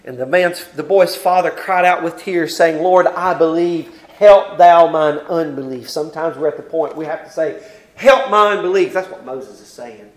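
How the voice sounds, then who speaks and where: A male preacher giving a sermon. He recites King James scripture and moves between hushed, quiet passages and loud, pleading ones. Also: a little high, moderate pace, echoey room, low-quality recording. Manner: swings from hushed near-whispers to loud impassioned pleading.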